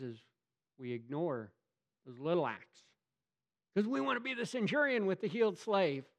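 Fairly high-voiced man preaching emphatically. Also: highs cut off. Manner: emphatic, swinging from loud to hushed; rhetorical questions to the congregation. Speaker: pastor. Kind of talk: sermon.

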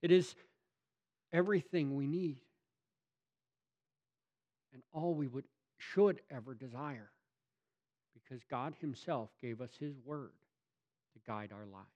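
A pastor delivering a sermon, emphatic and swinging from loud to hushed, asking rhetorical questions of the congregation. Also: male voice, medium pitch, slow, pauses often, muffled recording.

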